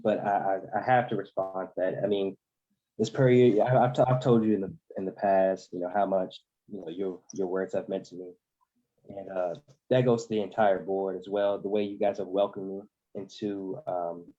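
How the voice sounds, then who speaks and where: Young man, emotional, halting and repetitive, dark tone, dull lo-fi call audio. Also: fairly low pitch. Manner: halting, repeating himself. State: emotional, near tears. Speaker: student board representative. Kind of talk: board meeting remarks. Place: online video meeting.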